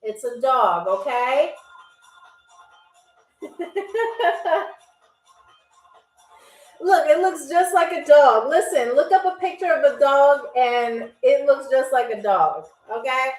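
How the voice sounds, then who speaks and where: A woman's voice: high-pitched, animated, a little slow, few pauses, recorded from a distance. A woman hosting a live-stream game show, chatty and teasing as she reads viewer comments aloud. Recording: roomy, off-mic, faint music behind. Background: faint background music.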